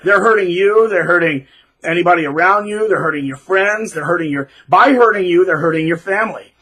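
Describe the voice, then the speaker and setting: Husky man in a sarcastic rant. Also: sits high, brisk, bright, forceful tone, poor audio. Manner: rambling, sarcastic, with many fillers and restarts. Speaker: channel host. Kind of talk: ranting monologue commentary.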